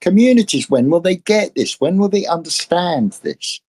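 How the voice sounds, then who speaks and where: An older man in a casual political chat, talking haltingly with many restarts and repeated words. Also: sits high, sing-song, a little mellow, breathy edge. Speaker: discussion panelist.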